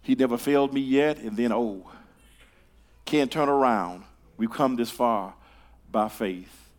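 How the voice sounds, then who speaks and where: An older man preaching a sermon in a church, talking to the congregation in a conversational way, with stammered repeated starts that swing from hushed to loud. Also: medium pitch, measured pace. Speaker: pastor. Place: church sanctuary.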